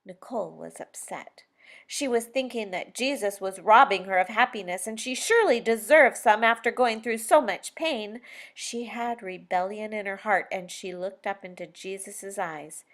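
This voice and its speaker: Woman narrator, audiobook reading, expressive emphasis, middle-pitched voice. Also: moderate pace. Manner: expressive storytelling with lively emphasis. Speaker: author and narrator.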